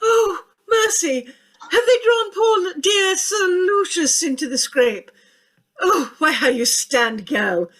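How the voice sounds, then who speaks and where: A pompous older aunt, acted by a woman, who mangles big words with grand, affected flourish. Her voice is very high and swoops all over, bright and sharp-edged. She plays every line for comic grandeur. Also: lively intonation, slow pace, exaggerated voice. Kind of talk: stage comedy acting.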